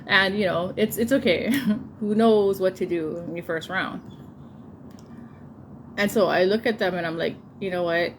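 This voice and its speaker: A woman in her thirties casually telling a personal story, laughing often and getting animated when she quotes people. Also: medium pitch, a little slow, long pauses, slight background noise. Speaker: vlogger telling a birth story.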